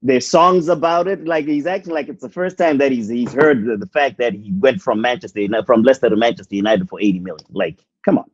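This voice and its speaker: A man co-hosting a casual football chat, easygoing and quick to laugh along. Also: medium pitch, husky. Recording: dull, dry lo-fi sound.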